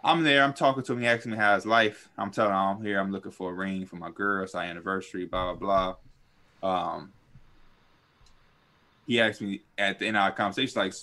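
Young male podcast co-host, bright tone, lively profane storyteller. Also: a little fast. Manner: animated, profane, swings high when quoting people. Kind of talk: casual storytelling chat.

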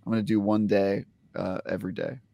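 A man's voice: on the low side, little pitch movement, a little fast, creaky, dark tone, no echo, dull audio. A man co-hosting a casual gaming podcast, rambling and restarting his sentences as he thinks aloud. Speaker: podcast co-host. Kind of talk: casual chat.

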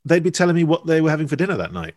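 A man's voice: a little high, big pitch swings, very fast, a little mellow. A man telling stories in a rambling, playful podcast chat. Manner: rambling, chatty storyteller with fillers and playful asides. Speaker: podcast guest. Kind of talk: casual conversation.

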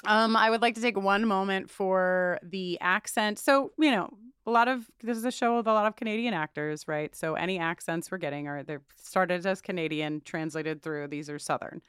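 A woman's voice: medium pitch, moderate pace, hardly any pauses, a bit bright, smooth, no echo, clean studio sound. A woman co-hosting a podcast, chatting casually about a TV episode, laughing often and swearing freely. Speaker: podcast co-host. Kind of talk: casual chat recapping a TV episode.

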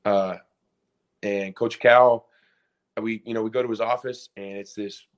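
A man in his twenties, a podcast guest and former college basketball player, telling a story in a casual, animated way with lots of "like" and restarts. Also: lowish voice, measured pace.

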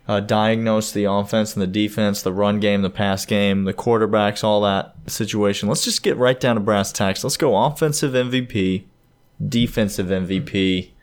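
A man in his thirties co-hosts a sports podcast with a fairly low, easygoing voice. He talks casually and animatedly, laughing often and acting out bits of dialogue in his stories. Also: clear, resonant tone.

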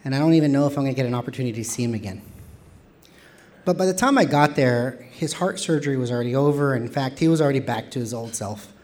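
A man telling a personal story on stage, expressive and playful with self-mocking humor. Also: medium pitch, fast.

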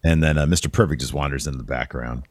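Male podcast co-host, low voice, animated and profane, dry close sound. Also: no echo. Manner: animated, profane, quick asides. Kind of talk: casual wrestling review chat.

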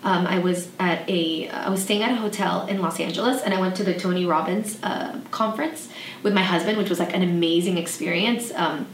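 A woman hosting a podcast, telling a personal story in a soft, reflective way with frequent fillers. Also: fairly low pitch, fairly quick. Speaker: podcast host. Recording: echoey room, slightly distant mic, faint noise.

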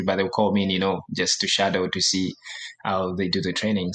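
A young man from Uganda speaks in a fairly low voice, retelling his past with lots of energy. He often slips into voices of the people in his story and laughs along the way. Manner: animated, acts out dialogue, laughs often. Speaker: guest, professional soccer player. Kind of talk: casual storytelling.

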